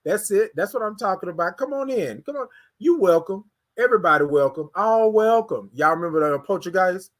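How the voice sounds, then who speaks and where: A man from Houston hosting a casual morning livestream, greeting viewers and hyping up the chat. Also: sits high. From Houston, Texas. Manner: energetic, hypes the chat, drawn-out sung greetings. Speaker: livestream morning show host.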